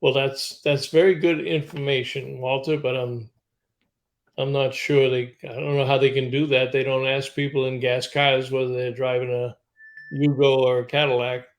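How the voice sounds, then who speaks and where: A man's voice: medium pitch, little pitch movement, moderate pace. A man hosting a live talk show, reading viewer comments aloud and rambling with plenty of uh's. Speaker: show host. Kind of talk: casual chat.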